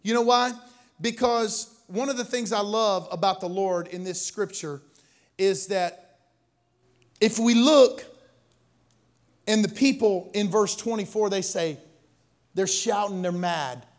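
A male pastor preaching a sermon, animated, swinging between loud bursts and quiet asides. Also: sits high, slow, long pauses.

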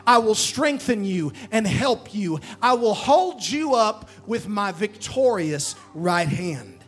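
High-voiced man preaching a sermon. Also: expressive. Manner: preaching with call-and-response, building emphasis and slowing for key lines. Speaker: pastor. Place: church sanctuary.

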